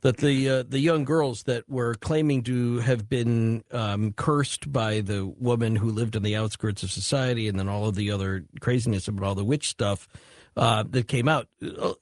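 A man hosting a late-night call-in radio talk show, chatty and quick to jump in. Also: mid-range voice, dry recording, studio quality. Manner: relaxed, chatty, quick to interject. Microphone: studio microphone.

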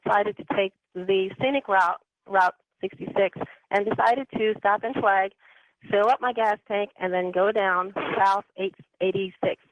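A woman's voice: mid-range voice, fairly even intonation, unhurried, no room sound. Woman caller on a tinny phone line. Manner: chatty, rambling with many ums and anyways. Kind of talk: telling a personal story on a call-in show.

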